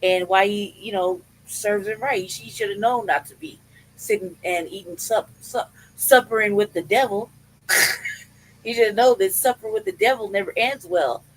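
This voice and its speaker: A podcast host chats casually in a slightly rough, mid-range voice at a moderate pace, ranting with lots of swearing. They laugh often and question their own feelings out loud. The recording quality is rough.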